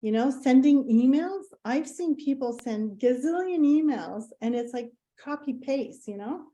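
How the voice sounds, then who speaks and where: A woman's voice: sits high, unhurried. A woman giving a casual presentation, chatty and full of fillers, acting out bits of dialogue as she tells anecdotes. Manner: animated, acts out quoted dialogue. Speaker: presenter at a community meetup.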